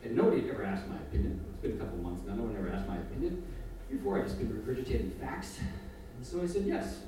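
A man telling a personal story on stage with an audience, animated and self-mocking, building into rants, from a distant mic in an echoey hall. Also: fairly low pitch, racing, slight background noise.

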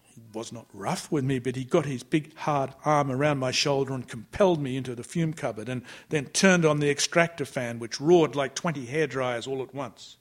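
A man narrating a literary novel in the first person, measured and often sinking to a hush. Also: medium pitch. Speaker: audiobook narrator.

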